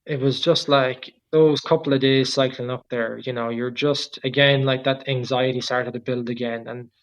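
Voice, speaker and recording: An Irish man in his thirties tells a travel tale in a loose, chatty interview. His voice sits at an everyday middle pitch, and he wanders through his sentences with plenty of "like" and "just". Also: fairly even intonation, moderate pace, clean tone, poor audio. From Ireland. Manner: rambling, filler-heavy, with frequent "like" and "just". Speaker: guest, adventure cyclist. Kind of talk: casual storytelling interview.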